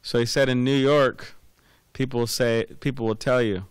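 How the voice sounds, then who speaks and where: A man's voice: mid-range voice, steady tone, normal speed, clear, resonant tone, dry recording. A man giving a scripture class, rambling and repeating words with many fillers, telling anecdotes. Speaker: class speaker.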